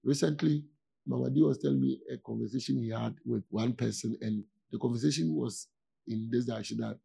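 Man, pastor, chatty sermon, husky voice, mellow dark tone, keeps asking if listeners follow. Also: mid-range voice. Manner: informal, asks "do you see?" often, with laughs and pauses. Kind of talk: conversational sermon.

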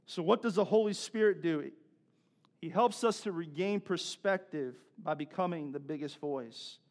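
Man preaching a sermon, high voice, conversational, repeats and restarts, builds to emphatic peaks. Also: moderate pace. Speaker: pastor.

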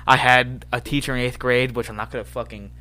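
A man's voice: mid-range voice, level tone, a little fast, pushed and bright. A young man in casual podcast chat, rambling and swearing freely, calling everyone dude. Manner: rambling, swears a lot, says dude constantly.

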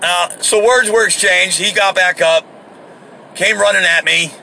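A man telling a rambling, profane story in a casual, animated way, seated inside a vehicle. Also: high voice, unhurried, creaky, slight background noise.

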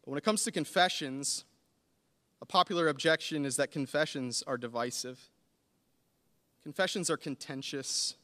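A man in his thirties preaching a sermon, earnest and building to animated emphasis. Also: fairly high pitch, moderate pace, pauses often. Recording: long hall reverb.

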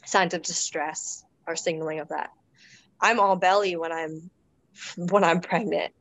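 A woman's voice: on the low side, fairly even intonation, measured pace, a bit bright, low-quality recording. A woman guest in a casual interview, talking reflectively with many restarts and fillers. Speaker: guest describing her births.

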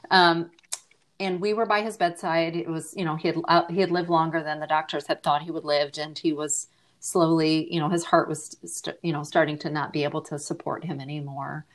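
A woman's voice: deep voice, level tone, brisk. A middle-aged woman speaking as an interview guest, earnest and reflective as she shares a personal story, her voice dropping at times to a near-whisper. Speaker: podcast guest, grief advocate.

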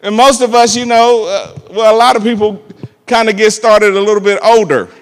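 A man preaching a sermon and telling a personal story, emphatic and animated, calling out to the congregation for amens. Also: sits high, normal speed, big-room sound. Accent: African American church preaching. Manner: emphatic and animated, calls "amen" and "come on" to the congregation.

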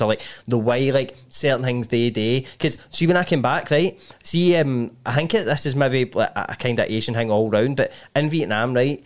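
A man with a Scottish accent hosting a podcast, asking loose, rambling questions full of fillers. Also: mid-range voice. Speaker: podcast host. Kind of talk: casual chat.

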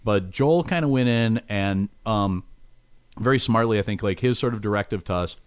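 A man's voice: lowish voice, normal speed, clear, resonant tone, dry recording. A man, a comedy writer guesting on a podcast, telling stories in casual chat and acting out the voices of the people he quotes. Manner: animated storyteller, acts out quoted voices. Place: podcast studio.

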